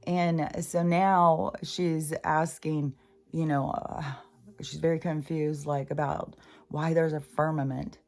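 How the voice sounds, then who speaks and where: A woman's voice: deep voice, level tone, slow pace, a little mellow. An older woman talking in a rambling, profane, casual monologue as a spiritual channeler.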